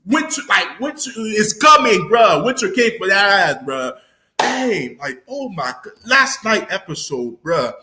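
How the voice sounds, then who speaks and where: A young man rattles off an excited, casual recap, full of slang, swearing and loud outbursts. His voice sits high and swings widely in pitch. It has a bright edge, recorded in a roomy, echoing space. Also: measured pace, background noise. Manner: animated, slangy, swears freely, loud exclamations. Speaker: YouTuber reviewing a TV episode.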